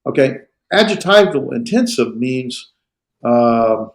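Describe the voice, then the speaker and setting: A man lecturing on grammar to a small class, his voice gravelly with a creaky edge. He talks in halting bursts, full of "uh" and restarts. The sound is roomy and echoey. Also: medium pitch, expressive, darkish tone. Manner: hesitant, many fillers and restarts. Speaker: Greek instructor.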